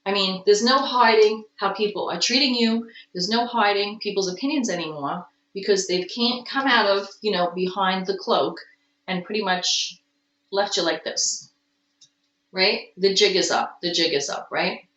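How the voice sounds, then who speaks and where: A woman's voice: medium pitch, moderate pace, fairly bright tone. A woman giving a casual tarot reading at home, with stretches where she coos baby talk to her cat. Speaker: tarot reader. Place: home room. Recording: roomy, distant, dull home recording.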